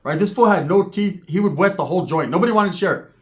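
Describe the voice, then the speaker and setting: A man's voice: high-pitched, fast talker. A man telling rambling, profane, joking stories in casual talk. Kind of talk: casual storytelling.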